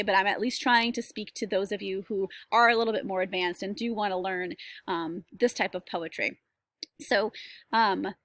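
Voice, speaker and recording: A woman's voice: medium pitch, fairly bright tone, no echo. A woman teacher giving a recorded lesson over screen share, chatty and reassuring with many fillers.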